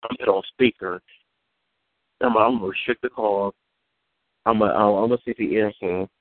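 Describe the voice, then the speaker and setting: On a tinny, phone-like line with no room sound, a man with a lowish voice keeps a steady tone at a moderate pace. He's a caller on a community call, spinning a long, wandering story in casual, profane slang and going over the same points again and again.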